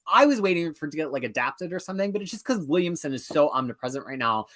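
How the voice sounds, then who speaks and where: A man co-hosting a comics show in casual chat, animated and chatty, with self-mocking asides. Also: a little high, fast.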